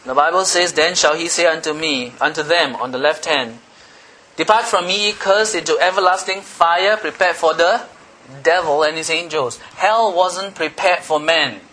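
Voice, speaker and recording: A man's voice: a little high, moderate pace, pushed and bright. A man preaching a sermon with emphatic repetition, asking his listeners questions.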